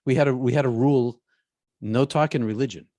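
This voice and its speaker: A man, a guest in an interview, telling a personal story in a halting way, often repeating his words. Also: mid-range voice, mellow, dry recording, clean studio sound.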